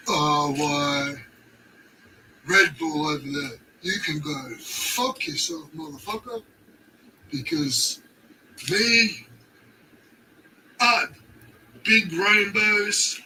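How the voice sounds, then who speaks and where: A man's voice: sits high, sharp tone, slight background noise, pitched above the performer's own voice, full character voice. A man putting on a muddled, rude male commenter who rambles and swears nonsensically, a little far from the mic.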